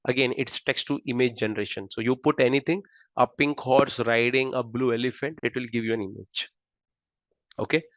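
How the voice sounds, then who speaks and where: A man with an Indian accent talks an audience through his slides, keeping it loose and asking "right?" after nearly every point. His voice sits at an ordinary pitch. The recording is dry and a touch dull, with little room sound and a slightly muffled top end. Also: steady tone, fairly quick, fairly bright tone, dry recording. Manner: conversational, keeps asking "right?". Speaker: lecturer. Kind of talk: presenting a lecture with slides.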